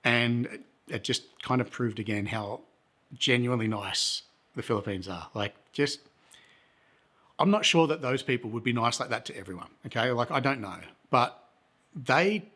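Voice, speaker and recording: A man's voice: mid-range voice, animated, moderate pace, sharp tone. A man, a travel vlogger telling a story in a rambling, self-correcting, laid-back way. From Australia. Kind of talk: casual storytelling to camera.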